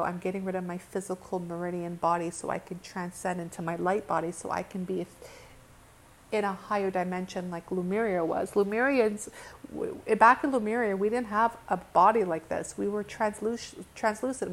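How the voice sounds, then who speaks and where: A woman giving an earnest, impassioned spiritual monologue to her viewers. She talks bluntly, curses now and then, and restarts her sentences often with "like". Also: medium pitch. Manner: blunt, with occasional cursing. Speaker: spiritual teacher.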